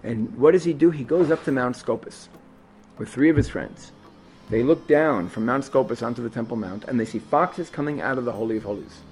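A man teaching a Torah lesson, telling the story in a lively way with asides and restarts. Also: medium pitch, brisk, slight background noise.

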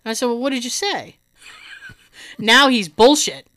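A woman's voice: fairly high pitch, unhurried. A woman telling a story in casual chat, acting out what others said and laughing often. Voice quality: hearing loss in right ear. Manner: animated, laughing storyteller who acts out quotes.

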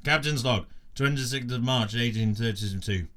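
A man's voice: medium pitch, normal speed, a bit bright, lightly acted. A man playing a despairing sea captain who rambles through his log entries in a comic audio drama. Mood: glum.

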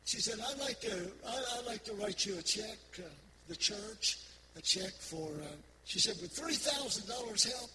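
Older pastor with a high voice. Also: male voice, normal speed. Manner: folksy storytelling with repetitions. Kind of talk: sermon testimony. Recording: loud background noise.

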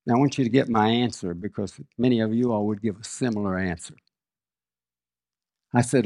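An older man preaching a sermon, reading scripture and telling personal stories in a slow, measured way. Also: fairly low pitch, steady tone, darkish tone, no room sound, clean studio sound.

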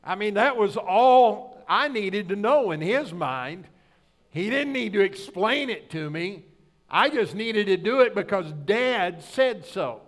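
A middle-aged male pastor with a high-pitched voice that rides above most men's, preaching in a folksy, storytelling manner. He keeps turning to the congregation with rhetorical questions as he makes his point. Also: expressive, slow. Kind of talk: sermon with personal story.

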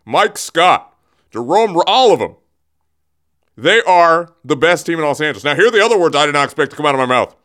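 A man's voice: a little high, very animated, a little fast, bright, forceful tone. A man hosting a radio show, rambling and joking as he builds up a tease, often restarting his sentences, speaking into a studio microphone. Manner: rambling, jokey, teasing, restarts mid-thought. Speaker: radio host. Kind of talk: casual radio monologue. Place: radio studio, also streamed on camera.

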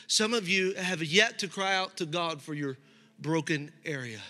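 Hall reverb and faint music surround a middle-aged pastor delivering a sermon in a high, pushed, bright voice at normal speed. He speaks loosely, as if in conversation, often starting over mid-thought.

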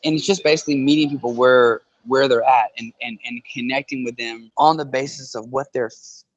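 A man's voice: medium pitch, steady tone, brisk, no room sound, highs cut off. A man in a casual conversation who talks into a handheld phone, explaining earnestly through analogies and often checking in with "right?".

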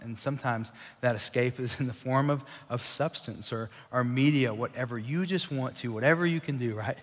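A young man preaching a casual sermon to young adults, animated, acting out voices, with lots of fillers. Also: mid-range voice, normal speed. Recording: long hall reverb.

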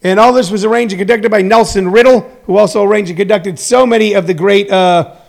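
A man's voice: high-pitched, steady tone, brisk, gravelly. A middle-aged man hosting a show, delivering a rambling, mock-indignant comedy rant with self-mocking asides. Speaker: show host.

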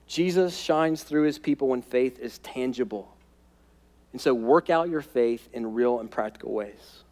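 A man preaching a sermon as pastor, emphatic, repeating key phrases and dropping to quiet intensity. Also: mid-range voice, in a large hall. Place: church sanctuary.

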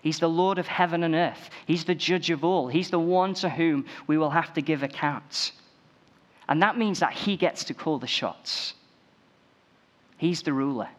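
A man's voice: fairly high pitch, measured pace, dull audio. A man preaching a sermon, building emphasis through repeated phrases.

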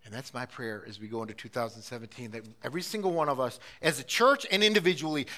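Delivering a sermon with passion, this middle-aged pastor moves from urgent, loud stretches to quiet, intimate ones. He has a high voice.

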